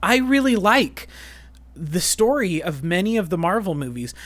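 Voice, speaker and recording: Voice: medium pitch, very animated, normal speed, fairly bright tone, no room sound. A podcast co-host in a casual film chat, talking animatedly with many restarts and fillers.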